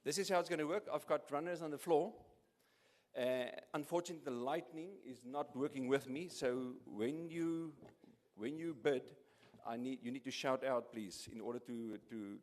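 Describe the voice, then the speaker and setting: A man's voice: medium pitch, a little mellow. Joking man in an echoey hall. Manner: jokey, halting with many restarts and repeats. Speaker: charity auctioneer at an awards evening. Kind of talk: live event MC, joking auction patter. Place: large event hall.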